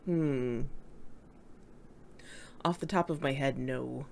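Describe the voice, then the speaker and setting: A woman's voice: extremely low pitch, takes it slowly, gravelly, darkish tone, slight background noise. A woman covering a live stream and reading the chat, drowsy and playful in her banter.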